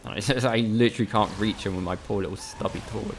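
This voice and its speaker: A man with a low, gravelly voice commentates his game live for viewers. He grumbles and swears freely, keeping a casual, joking banter going. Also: fairly even intonation, quick pace, background noise. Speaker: streamer.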